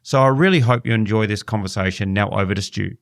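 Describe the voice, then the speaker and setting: A man's voice: lowish voice, fast talker, creaky, no room sound, clean studio sound. An Australian man hosting a farming podcast, laid-back and matey, chatting with a remote guest. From Western Australia. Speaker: podcast host. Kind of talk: casual podcast interview.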